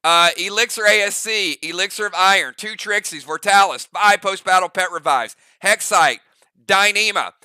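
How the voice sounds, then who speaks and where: An excited man hosting a gaming channel. He speaks in a very bright, high, smooth voice, laughing often and stumbling over fillers. The recording is dry and close. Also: normal speed, no echo. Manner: excited, laughs easily, many fillers and restarts. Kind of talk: casual chat.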